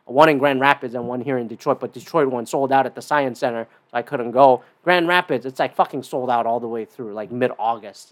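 A man hosting his own podcast alone, talking casually in a rambling, profane way with lots of fillers and big jumps in pitch. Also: brisk, few pauses. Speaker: podcast host. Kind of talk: casual solo podcast monologue.

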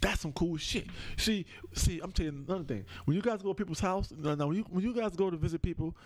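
A man who is a guest comedian on a podcast, telling stories in an animated, profane way and insisting that he gets to finish his point. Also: sits high, fast talker, dry recording.

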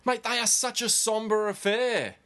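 A man's voice: high-pitched, fairly even intonation, normal speed, sharp tone. A man hosting a casual sports podcast, chatty and swearing freely as he tells stories. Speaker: podcast host.

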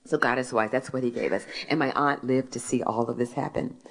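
A woman from Philadelphia, an author who tells stories in a gentle way and reads from her book. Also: a bass voice, steady tone, brisk, gravelly. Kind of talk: talk with a reading from her book.

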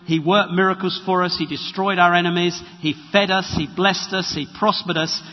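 A man preaching a sermon in a conversational, animated way and acting out the quotes he tells. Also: high voice, normal speed. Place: church hall. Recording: reverberant, dull lo-fi church recording.

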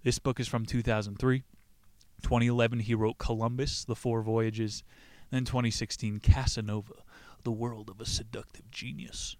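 A man's voice: mid-range voice, little pitch movement, normal speed, dry recording. Brash joking male podcast host. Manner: brash, swearing, cracking corny jokes. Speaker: podcast host reviewing books. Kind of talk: crude comedic book chat with read-aloud passages.

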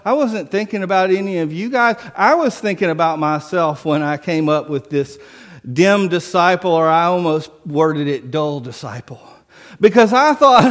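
High-voiced animated male preacher. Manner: animated storytelling, acts out voices, drops to a hush for solemn points. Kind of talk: sermon.

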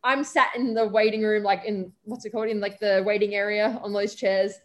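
A young Australian stage performer, appearing as an interview guest, tells a casual story at a brisk clip in a medium-pitched voice. Her delivery is chatty and animated, with acted-out quoted voices and plenty of "um" and "like".

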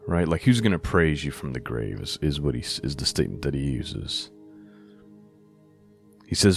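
A middle-aged man preaching a sermon, reading scripture slowly and then explaining it in plain, earnest talk. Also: extremely low pitch, animated, gravelly, soft background music. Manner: earnest, with frequent self-corrections and rhetorical "right?".

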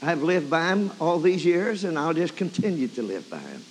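A man's voice: a little high, sing-song, normal speed, hardly any pauses, a little hiss or hum. A man preaching a sermon, telling a story and breaking into emotional praise. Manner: emotional, exclaiming praise often. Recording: long hall reverb.

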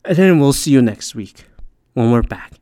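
A man's voice: mid-range voice, lively intonation, moderate pace, dark tone, soft background music. A man hosting a solo podcast in a profane, rambling, exasperated rant, sounding tired. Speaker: podcast host.

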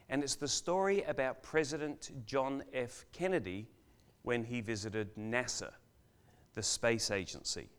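An older man preaching a sermon as a guest speaker in a church, telling a story with dramatic pauses and swings between loud and hushed delivery. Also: medium pitch, clear, resonant tone.

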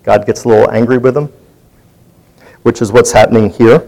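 A man's voice: mid-range voice, steady tone, fairly quick, gravelly, warm tone, low-quality recording. A man leading a Bible study, teaching in a conversational way and putting questions to his group.

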